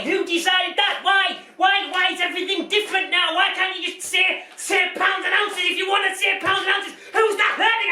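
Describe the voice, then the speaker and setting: A bumbling, bigoted news anchor, as a comedian puts him on, stumbling through his lines and flaring into rants. The voice sits high for a man. It sounds echoey and a little off-mic. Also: pushed and bright, far from the mic, full character voice. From Britain. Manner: rambling, stumbling, bursts into rants. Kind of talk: parody news presenting.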